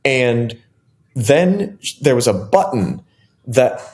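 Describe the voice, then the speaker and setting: A middle-aged man, a software engineer guest in an interview, telling stories casually and animatedly with many fillers and restarts. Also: mid-range voice, very animated, slow. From United States.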